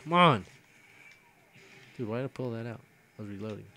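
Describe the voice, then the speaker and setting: A man's voice: medium pitch, lively intonation, a little fast, bright, forceful tone. A young man giving casual gameplay commentary as host of his own video series. He jokes, grumbles and trash-talks at other players.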